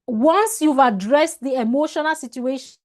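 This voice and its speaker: High-voiced woman trainer, emphatic online lecturer, repeats herself, checks in with the class. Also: normal speed, a little mellow. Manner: emphatic, repeats words, restarts phrases, asks "All right?". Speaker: customer service trainer.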